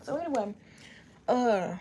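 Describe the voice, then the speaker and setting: A woman's voice: a little high, expressive, a little slow, warm tone, slight background noise. A woman in her bedroom telling a personal story to her live chat, ranting and cursing freely as she talks straight to viewers. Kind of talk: casual storytime livestream.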